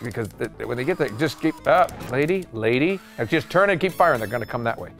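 A voice actor bantering and barking orders at the screen while playing a retro video game with a friend. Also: male voice, mid-range voice, fast talker, vocal fry, soft background music. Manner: excitable, barks at the game. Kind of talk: casual gameplay banter.

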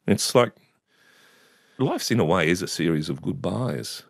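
A man's voice: low-pitched, lively intonation, measured pace, creaky, no room sound, studio quality. A man in his fifties with an Australian accent, telling rambling anecdotes in an interview and often laughing. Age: 50s. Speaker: guest. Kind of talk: casual storytelling interview.

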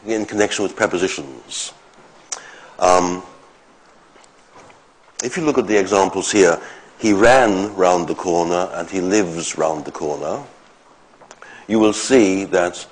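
A man giving an academic lecture, explaining step by step in short phrases with pauses. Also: sits low, poor audio.

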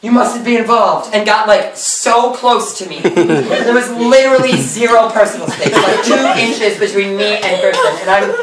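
A man's voice: high voice, a crowd in the background. Giggly guy retelling a play, far off. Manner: giggly, quoting lines in quick bursts. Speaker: cast member retelling a play. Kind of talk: comic retelling to friends. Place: cast party, indoors. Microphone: camera or phone held away. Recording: distant echoey room with loud noise.

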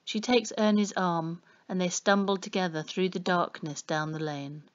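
A woman teacher reading a novel aloud in a measured, expressive way. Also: fairly low pitch. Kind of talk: storybook reading. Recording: slightly dull audio.

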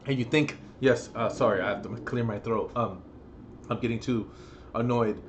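A man in the middle of a vlog rant, talking straight to his viewers in an ordinary mid-pitched voice. He swears constantly and climbs into loud, heated bursts, then drops back into blunt, plain talk. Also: moderate pace, dull audio, a little hiss or hum. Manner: heated, profane ranting with loud outbursts. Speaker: vlogger. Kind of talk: ranting vlog monologue.

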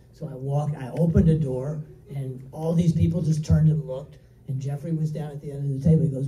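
An older man, a screenwriter, tells lively anecdotes at a film Q&A and laughs easily. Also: a little high, a little fast, few pauses. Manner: animated storyteller who laughs easily. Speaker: screenwriter, panel guest. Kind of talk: storytelling Q&A anecdote. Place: movie theater stage. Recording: echoey theater, mic far off.

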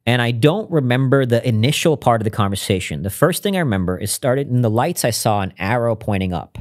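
A man's voice: mid-range voice, expressive, a little fast, a little mellow. A man speaking as a podcast guest, telling a personal story in an earnest, reflective way with frequent restarts.

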